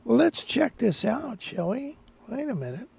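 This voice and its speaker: A man's voice: very high-pitched, very animated, a little slow, vocal fry, a little mellow, breathy edge. A man hosting a live guitar stream, rambling casually and thinking aloud with restarts.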